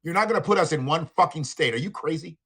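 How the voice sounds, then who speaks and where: A livestream host, a man whose profane commentary swings up and down in pitch with lively energy. His voice sits a bit high for a man and has a bright, slightly husky edge. Soft music plays faintly underneath. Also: quick pace. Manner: profane, animated, laughing asides. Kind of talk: live commentary rant.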